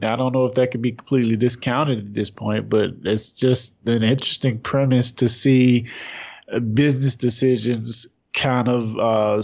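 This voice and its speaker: Gravelly man on a dull lo-fi line. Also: mid-range voice, darkish tone. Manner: hesitant, repeats words, chuckles often. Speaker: podcast co-host. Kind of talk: casual chat. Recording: dull lo-fi recording.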